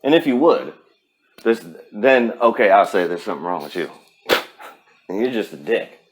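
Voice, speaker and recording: A man's voice: on the low side, lively intonation, normal speed, noisy background. Blunt, cussing male podcast host. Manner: blunt, profane, pep-talk delivery. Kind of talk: casual motivational podcast monologue.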